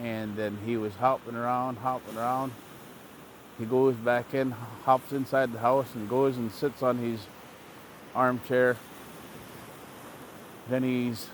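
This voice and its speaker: A male storyteller recounting a traditional tale at an easy middle pitch, with plain, repetitive phrasing and occasional fillers. A faint rumble sits underneath. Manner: relaxed, repetitive, plain-spoken. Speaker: language teacher telling a traditional story. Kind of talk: oral storytelling.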